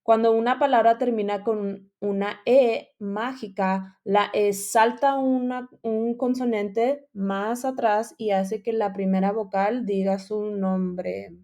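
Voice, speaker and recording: A woman's voice: medium pitch, fairly even intonation, unhurried, few pauses, darkish tone. A woman teaching a bilingual phonics lesson, drawing out letter sounds and repeating rules in English and Spanish. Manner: switches between English and Spanish.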